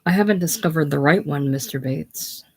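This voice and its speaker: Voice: mid-range voice, moderate pace, darkish tone, natural voice. A reader doing a cool, hurt young bride. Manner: cool, cutting. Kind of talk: casual play reading.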